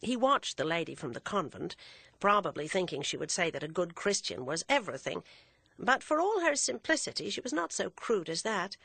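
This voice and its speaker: Woman audiobook narrator, animated delivery, dry close sound. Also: lowish voice, moderate pace, vocal fry, husky, dry recording. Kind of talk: scripted narration.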